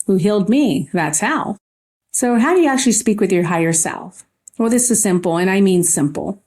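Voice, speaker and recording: A woman hosting a spiritual podcast, telling a personal story in an earnest, gently emphatic way. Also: medium pitch. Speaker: podcast host.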